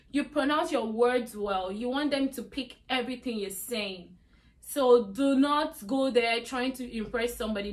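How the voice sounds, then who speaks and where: A young woman giving exam tips in a chatty vlog, with lots of "like" and "you know". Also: fairly high pitch. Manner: chatty, repeats "like" and "you get me". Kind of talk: casual talk to camera.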